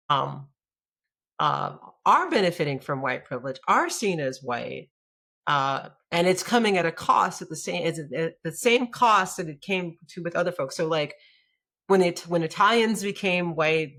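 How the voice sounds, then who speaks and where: A woman rabbi from the United States, speaking as a guest in a conversational interview, reflective and full of restarts, growing animated when she tells a story. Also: deep voice.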